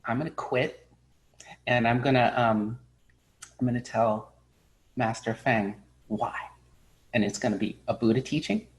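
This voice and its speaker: A man's voice: medium pitch, steady tone, a little slow, long pauses, natural voice, poor audio. A man voicing a proud, flustered young male monk who whines in exasperation. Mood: indignant. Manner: whiny, exasperated, overwrought.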